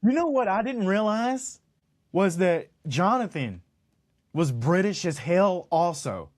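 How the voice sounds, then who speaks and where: This podcast co-host speaks slowly in a high voice, stuffy-nosed and congested. Animated and jokey, he rambles through the casual show, a Utah resident who once lived in Los Angeles.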